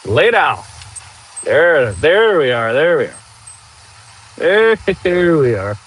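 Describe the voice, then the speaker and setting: A man hosting a casual outdoor livestream, chatting and joking with viewers while clearing trees with a machine. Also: fairly high pitch, big pitch swings, slow, a bit bright, low-quality recording. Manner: chatty, jokey, talks to viewers while working. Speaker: livestream host.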